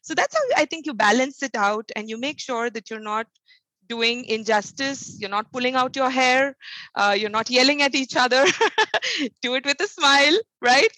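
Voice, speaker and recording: A woman's voice: sits high, normal speed, bright, forceful tone, no room sound, low-quality recording. A woman talking earnestly as a podcast guest, an encouraging motivational trainer who speaks emphatically and often adds "you know" and "right?". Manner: faith-centered encouraging tone. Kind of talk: podcast interview answer.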